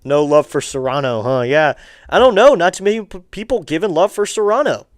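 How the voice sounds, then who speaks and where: A streamer with a smooth, resonant, expressive voice does fairly quick play-by-play of a baseball game, calling the pitches. Between pitches he's casual and chatty, greeting the chat and asking viewers for likes and subs. The dry recording sounds close, with no room around it.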